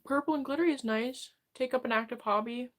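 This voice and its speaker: Close to tears, a female livestreamer with a slightly high, fairly bright voice reads and answers her chat. She halts, rambles, stops and starts over, running herself down as she goes.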